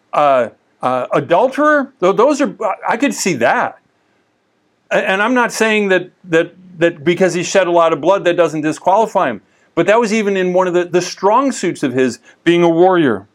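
A high-pitched man teaches the Bible conversationally and casually, telling stories full of lively asides and frequently restarting his sentences.

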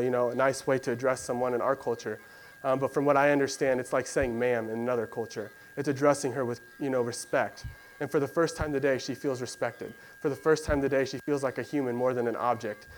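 Male preacher, mid-pitched, casual storytelling sermon, light hum under the voice. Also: low-quality recording. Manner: conversational storytelling with fillers, acts out voices of biblical figures.

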